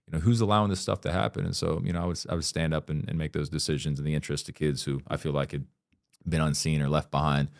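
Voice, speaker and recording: A man's voice: a bass voice, fast talker, no room sound, clean studio sound. A man speaking as a podcast guest in a casual interview, blunt and candid, swearing freely and talking with earnest emphasis.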